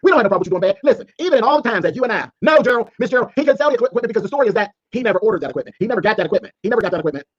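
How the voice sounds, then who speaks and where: A man's voice: sits high, lively intonation, racing, few pauses, muffled recording. A man delivering a sassy, scolding call-out rant as a streamer, mocking his target. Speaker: commentary streamer.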